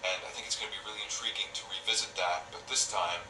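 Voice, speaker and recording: A man giving a recorded video greeting as an actor, measured and teasingly dramatic. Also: on the low side, steady tone, over music. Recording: roomy, distant mic, faint noise.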